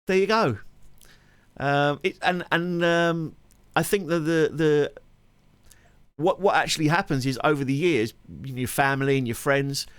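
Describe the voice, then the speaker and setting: A man's voice: a little high, a little slow, a bit bright, clear, resonant tone, dry recording. A man chatting on his live stream, rambling and laughing often. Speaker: streamer and musician. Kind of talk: casual live-stream chat.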